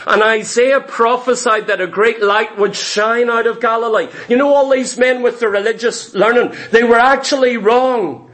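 This preacher's voice is strikingly high and a bit bright, his tone steady and his pace moderate with hardly any pauses. He emphatically repeats key phrases in his sermon and throws rhetorical questions at the listeners.

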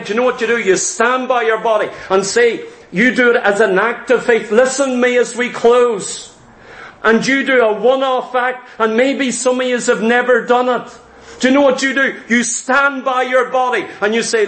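A man's voice: very high voice, normal speed, fairly bright tone. A man preaching a sermon, emphatic and repetitive, quoting scripture.

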